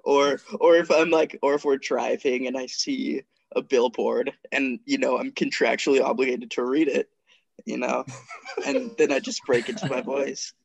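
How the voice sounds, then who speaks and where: A man's voice: medium pitch, fairly even intonation, normal speed, gravelly, no room sound, lo-fi sound. A man co-hosting a casual comedy podcast, rambling through stories with lots of filler words.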